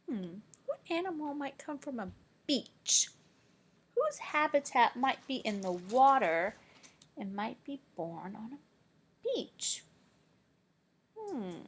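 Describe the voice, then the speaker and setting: A woman teacher reading a picture book aloud to children, playful and animated, with dramatic gasps and hushed whispered questions. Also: a little high, slow, long pauses, husky. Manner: drops to whispers when asking questions.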